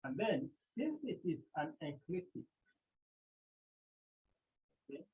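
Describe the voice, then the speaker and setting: Man as Greek teacher, slow and repetitive, husky voice, tinny call audio. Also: a little high, sing-song. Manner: slow, repetitive, with many pauses. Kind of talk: online language lesson. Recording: tinny phone-like line.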